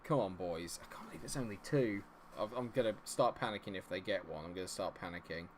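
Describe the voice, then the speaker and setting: In this live stream commentary, a young man with a deep voice speaks fast while playing a football management game, against slight background noise. He chats with viewers, cheering goals one moment and fretting over results the next.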